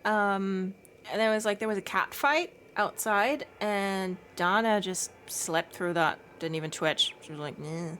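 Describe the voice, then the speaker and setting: A woman's voice: mid-range voice, measured pace, fairly bright tone, slight background noise. Chatty, giggly woman streamer. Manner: chatty and giggly, baby-talking to her cat. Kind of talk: casual chat with stream chat.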